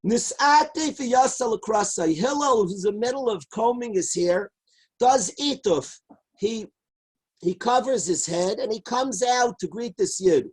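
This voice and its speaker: A man, a rabbi, telling a Talmud story as a lively lecture. He quotes each line in Hebrew and Aramaic and then translates it. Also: high voice, a little slow, slightly rough, poor audio. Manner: lively storyteller who shouts out the characters' lines. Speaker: rabbi teaching a Talmud class. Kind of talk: animated Torah lecture storytelling.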